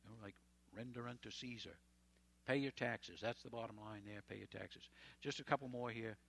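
A man's voice: fairly low pitch, fairly quick, vocal fry, fairly bright tone. A man preaching a sermon, retelling scripture in a conversational, folksy way with chatty asides. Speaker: pastor.

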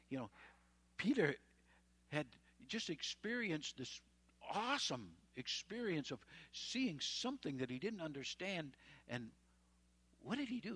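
A man's voice: a little high, very animated, measured pace, pauses often, fairly bright tone, husky, no echo. A man preaching a sermon, retelling scripture in a conversational, folksy way with chatty asides. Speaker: pastor.

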